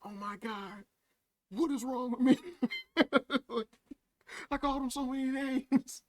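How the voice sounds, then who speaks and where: A man's voice: extremely high pitch, unhurried, darkish tone. A man doing reaction commentary on a video, mocking, swearing and often breaking into laughter. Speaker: YouTube commentator.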